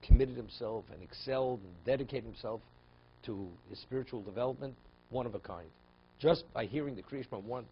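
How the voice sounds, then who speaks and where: Gravelly low-voiced rabbi giving a lecture. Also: male voice. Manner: animated, rising loud on key words, with many restarts and "you know". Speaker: rabbi teaching a Talmud class. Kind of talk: spoken Torah lecture. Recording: dull lo-fi recording with faint hum.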